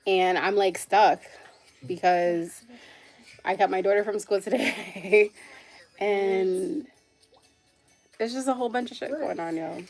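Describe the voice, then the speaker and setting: A woman's voice: mid-range voice, takes it slowly, long pauses, darkish tone, faint music behind. Woman rambling through a phone livestream. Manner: rambling, emotional storytelling with frequent "like". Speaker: livestream host. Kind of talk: casual livestream chat.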